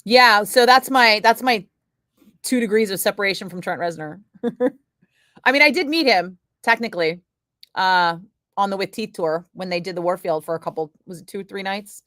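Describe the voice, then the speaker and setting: A woman's voice: medium pitch, moderate pace, a bit bright, no echo. Chatty woman radio DJ, dry sound. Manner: rambling, chatty, many filler words. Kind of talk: casual on-air storytelling chat. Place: radio studio.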